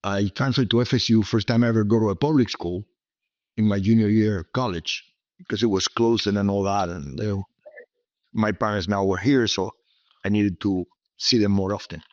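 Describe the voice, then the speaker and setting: A man's voice: lowish voice, steady tone, moderate pace, darkish tone, no room sound, muffled recording. A man in his seventies from Cuba, with a Cuban Spanish accent and Spanish as his first language, telling rambling stories as an interview guest and often asking "okay?". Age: 70s. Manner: rambling, repetitive, emphatic asides like "okay?". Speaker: guest, businessman. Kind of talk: storytelling interview.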